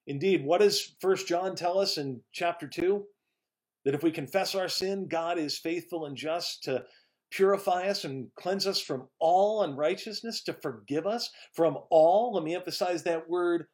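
A man, a pastor, delivers a slow, emphatic devotional sermon in a voice that sits high, lifting to stress key words and softening as each phrase ends.

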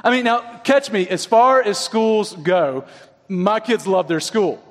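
A man with a high-pitched voice delivers a sermon in a chatty, conversational way, often tossing in quick tag questions to his listeners. His voice rings out with a long reverb, as if in a large church sanctuary. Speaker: preacher.

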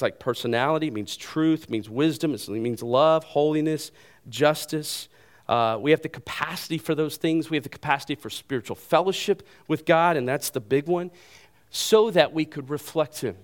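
A male pastor delivering a sermon in an earnest, emphatic way, repeating key phrases and pausing for weight. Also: a little high.

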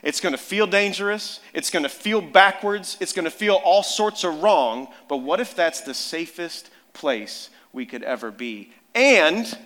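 A pastor in his thirties preaching in a big church hall with a long echo. His voice sits a little high for a man, and he tells stories with animated, building emphasis. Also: unhurried, hardly any pauses. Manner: storytelling, animated, rising to loud emphasis. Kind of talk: sermon. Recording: long reverb of a large hall.

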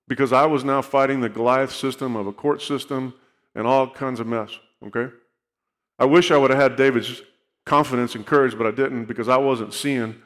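A man's voice: mid-range voice, a bit bright, big-room sound. A man giving a personal testimony in an earnest storytelling way, often checking in with the listeners. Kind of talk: sermon testimony.

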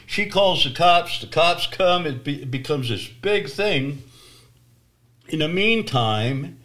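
A man telling his personal testimony story, swinging from loud emphasis to hushed near-whispers. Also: fairly high pitch, animated, slow pace.

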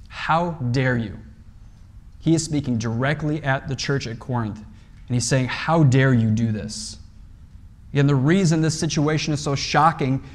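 A man's voice: mid-range voice, a little mellow. A man preaching a sermon in a conversational way, often checking in with "right?" and restarting phrases as he explains a passage. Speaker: pastor.

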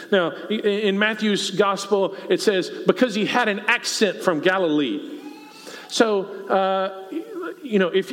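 A Texan pastor delivers a sermon in an easy, conversational way, tossing questions out to the congregation. His voice sits a little high for a man. The sound carries a long reverb from a church hall. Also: fairly bright tone.

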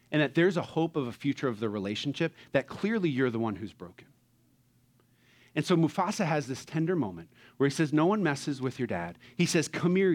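In a mid-range voice, a pastor preaches and performs movie characters as he goes. He alternates between loud, excited bursts and hushed, gentle tones.

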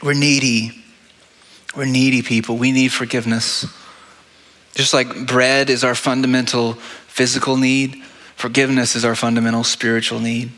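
A man's voice: medium pitch, little pitch movement, moderate pace, a bit bright. A man preaching a sermon as pastor, earnest, asking his listeners rhetorical questions and answering them himself.

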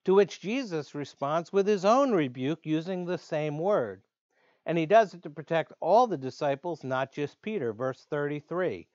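Man preaching a sermon, a bit high-pitched, leans hard on key words, dull dry sound. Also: expressive, darkish tone, dry recording. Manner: earnest, slows down to stress key words. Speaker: pastor.

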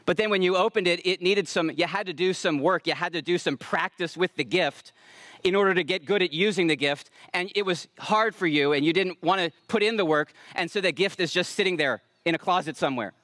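A man with a high, light voice preaches a sermon, earnest and emphatic, leaning into key lines and drawing them out slowly. The sound is dry and close, with no room echo. He addresses the congregation directly. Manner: self-aware about preaching loudly. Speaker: pastor.

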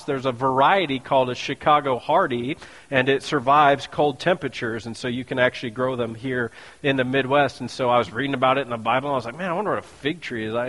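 A man preaching a sermon in a joking, conversational way, full of quick asides. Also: mid-range voice, a bit bright. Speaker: pastor. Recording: long hall reverb.

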